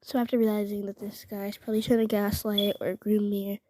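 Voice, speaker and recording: A woman's voice: medium pitch, level tone, a little fast, dark tone, slight background noise. A young woman telling a story to the camera, indignant and rambling, often dropping to a whisper. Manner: rambling, many filler "like"s. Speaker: vlogger. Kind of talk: casual storytelling.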